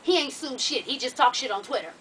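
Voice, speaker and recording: A woman's voice: high-pitched, lively intonation, brisk, a bit bright, distant mic, a little hiss or hum, poor audio. A woman chatting straight to camera, recapping a reality show in a blunt, profane, sassy way, calling her viewers "y'all" and "honey". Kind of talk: casual chat.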